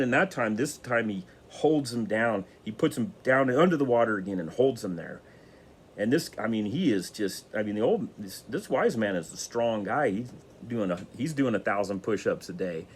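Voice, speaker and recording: A man's voice: medium pitch, animated, moderate pace, slight background noise. A man telling a motivational story in a casual, rambling way with many restarts. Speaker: motivational speaker.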